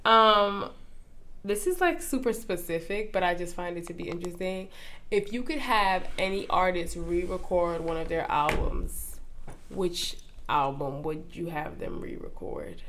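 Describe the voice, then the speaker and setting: A woman's voice: lowish voice, measured pace, fairly bright tone, slight background noise. Rambling woman podcast co-host. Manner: rambling, many fillers like "like". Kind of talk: casual chat.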